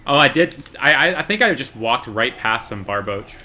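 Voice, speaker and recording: A man in his twenties chatting casually while streaming a game, relaxed and talkative with quick bursts of excitement. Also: mid-range voice. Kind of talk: casual gaming stream chat.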